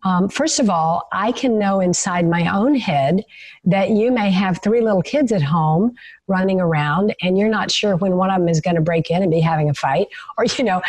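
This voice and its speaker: A woman guest in an interview, explaining calmly and warmly agreeing with her host. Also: on the low side, dry recording. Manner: calm, explanatory, with many affirming interjections. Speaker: guest expert on leadership and the nervous system. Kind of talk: conversational interview over video call.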